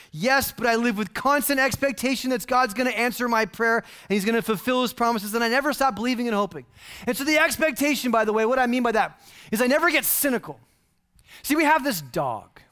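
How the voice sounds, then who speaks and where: A man pastor giving a casual, humorous sermon, full of playful slang and animated asides. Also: sits high.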